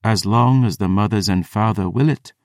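Rich: A stern, formal priestess who hands down orders in archaic, unbending phrasing, voiced by a man reading an audiobook. The voice stays low and deep for a woman's part. The recording is close and dry, with no room around it. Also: moderate pace, a little mellow, dry recording, close to an everyday voice. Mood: commanding. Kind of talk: audiobook character voice.

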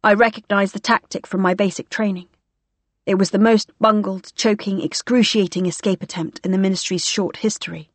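A woman's voice: medium pitch, fairly even intonation, brisk, dry recording. A woman narrating a first-person novel, with a dry, wry storytelling manner. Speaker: audiobook narrator.

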